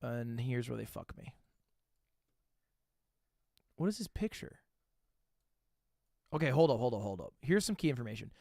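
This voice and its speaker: Lively, swearing streamer thinking out loud. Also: male voice, mid-range voice, gravelly, no echo, studio quality. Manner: thinks aloud, swears casually, quick self-mocking asides. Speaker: livestreamer. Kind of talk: casual livestream commentary while playing a guessing game.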